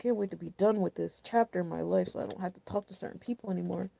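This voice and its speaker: A woman's voice: on the low side, steady tone, fast, gravelly, warm tone, a little hiss or hum. A young woman hosting a casual astrology and numerology forecast, chatty and candid, full of loose slang and filler words. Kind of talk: casual spiritual forecast talk.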